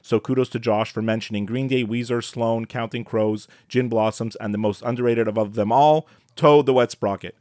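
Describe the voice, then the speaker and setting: An excitable man co-hosting a podcast, stumbling and restarting as he talks, laughing along the way. His voice sits at an ordinary middle pitch and is recorded close and dry, with no room sound. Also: moderate pace, hardly any pauses, no room sound. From Canada. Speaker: podcast co-host. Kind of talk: casual chat.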